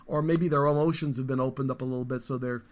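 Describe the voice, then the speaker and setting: A man in his fifties, a guest musician, talking casually in an interview in a rambling, animated storytelling way with frequent restarts. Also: mid-range voice, quick pace. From United States.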